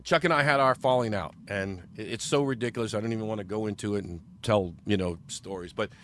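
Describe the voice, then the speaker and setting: A man's voice: lowish voice, fast, a bit bright, a little hiss or hum. Rambling, stammering man in his fifties. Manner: rambling, stammering repeats of words. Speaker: podcast guest. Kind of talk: casual storytelling.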